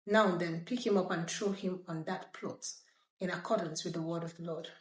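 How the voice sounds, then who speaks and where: A woman's voice: lowish voice, fairly even intonation, moderate pace, lightly acted. A woman voicing a ruthless, commanding warrior king in a scripture reading, with blunt orders. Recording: roomy echo.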